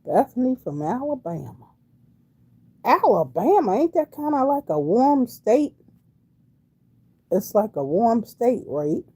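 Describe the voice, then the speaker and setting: A woman's voice: a little high, very animated, slow, pauses often, mellow, breathy edge. A woman in her sixties from Wilmington, Delaware, chatting casually on a livestream and answering viewers in a folksy way. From Wilmington, Delaware, USA. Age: 60s. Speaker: livestream host reading viewer comments. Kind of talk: casual live-stream chat.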